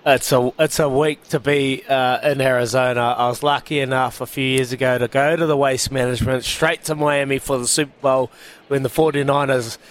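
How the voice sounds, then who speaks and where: A man's voice: medium pitch, steady tone, a little fast. A man hosting a sports show, asking easygoing questions in casual chat. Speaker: radio show host.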